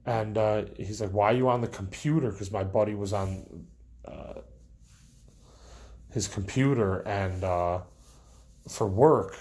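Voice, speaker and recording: A man's voice: lowish voice, measured pace, long pauses, a little mellow. A young man casually telling a countdown of personal stories, rambling with lots of fillers and restarts. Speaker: vlogger. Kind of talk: casual storytelling to camera.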